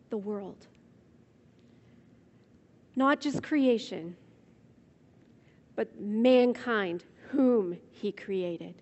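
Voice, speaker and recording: A woman preaching a sermon, slow and measured, drawing out words for emphasis. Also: fairly high pitch, darkish tone. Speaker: speaker. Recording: dull sound with long hall reverb.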